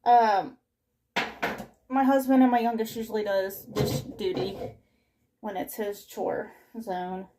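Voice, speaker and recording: A woman's voice: medium pitch, level tone, slow pace, pauses often, background noise. Breathless woman vlogging while doing dishes. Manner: rambling, self-interrupting, scatterbrained. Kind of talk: casual chat while doing chores. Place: home kitchen, indoors.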